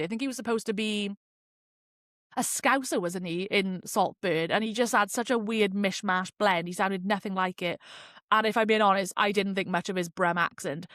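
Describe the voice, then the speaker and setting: A woman's voice: medium pitch, a bit bright, dry recording, clean studio sound. A woman hosting a podcast, chatting casually and expressively, with slang and swearing. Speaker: podcast host. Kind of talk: casual chat review.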